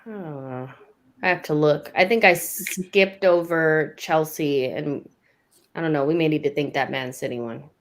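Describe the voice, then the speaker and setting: A woman's voice: deep voice, moderate pace. Exasperated woman hosting a match watchalong. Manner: wry, exasperated, laughing along. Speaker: host. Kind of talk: casual live watchalong chat.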